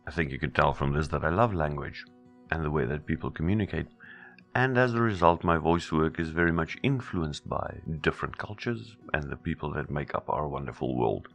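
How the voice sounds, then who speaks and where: A South African voice actor reads a scripted demo narration in a very low, deep voice. A soft guitar plays quietly under his words. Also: fairly quick, creaky. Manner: shifts into many accents and character voices. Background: faint guitar music.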